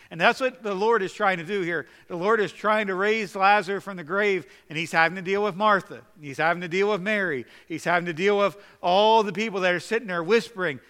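A man preaching a sermon in an earnest way, swinging between loud exhortation and quiet questioning. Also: sits high, normal speed, hardly any pauses, clean tone, in a large hall.

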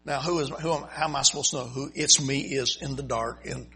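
Husky-voiced missionary preacher. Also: male voice, medium pitch, steady tone, a little fast, a bit bright. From United States. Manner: folksy, humorous, chuckles at his own stories. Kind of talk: storytelling sermon. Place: church before a congregation.

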